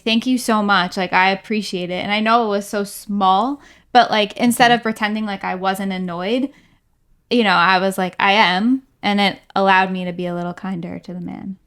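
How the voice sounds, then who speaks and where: A woman co-hosting a faith podcast, talking in a candid, self-deprecating way. She acts out her own remarks with lively emphasis at a moderate pitch. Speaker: podcast co-host. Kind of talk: casual faith discussion.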